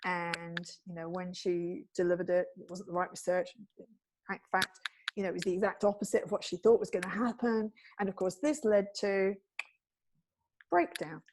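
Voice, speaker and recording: A woman's voice: fairly even intonation, moderate pace, a little mellow, a little hiss or hum. A woman and TV producer, telling stories with wit and acting out the quoted voices. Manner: witty, acts out quoted voices with big pitch jumps. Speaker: guest, TV producer and speaker. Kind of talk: animated storytelling in conversation.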